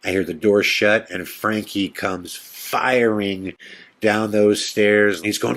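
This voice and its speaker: A man hosting a podcast, telling a tense personal story in a casual, animated way and acting out the quotes. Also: slow pace. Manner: animated storyteller, acts out quotes in a whisper and excited high voice. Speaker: podcast host.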